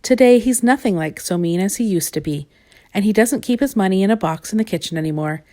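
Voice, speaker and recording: A woman reading a children's picture book aloud with gentle, expressive storytelling. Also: mid-range voice, a little fast. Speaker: storybook reader.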